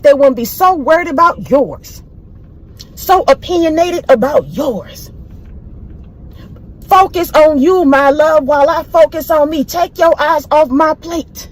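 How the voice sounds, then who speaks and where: Bold motivational speaker, woman, high voice, emphatic and repetitive. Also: low-quality recording. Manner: bold, emphatic, repeats phrases. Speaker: inspirational speaker. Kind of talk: preachy motivational monologue.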